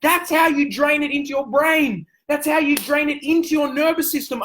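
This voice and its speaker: A man giving a motivational sales coaching talk, intense and emphatic, hammering points home with repeated phrases and sometimes pushing his voice near a yell. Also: very high-pitched, moderate pace, few pauses, rough recording. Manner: raises voice to near yelling at times.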